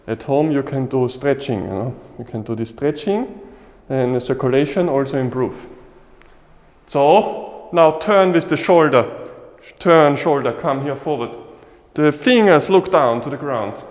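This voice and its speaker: A man leading a qigong class, giving short, slow instructions in simple English, likely a Chinese native speaker. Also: medium pitch, big-room sound. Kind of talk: guiding a live class.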